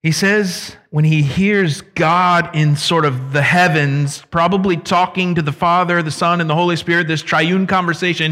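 Man, preacher, sermon, conversational, emphatic, slightly high voice. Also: moderate pace, fairly bright tone.

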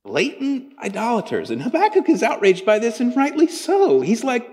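Male pastor, casual sermon delivery with lively pitch swings, echoing hall sound. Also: moderate pace, few pauses. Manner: conversational preaching with big pitch swings, acts out quoted voices. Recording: long hall reverb.

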